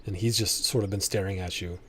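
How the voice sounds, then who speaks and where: A man narrating a tabletop game as game master, descriptive and unhurried, often restarting his sentences. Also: deep voice, fairly even intonation, fairly bright tone, a little hiss or hum.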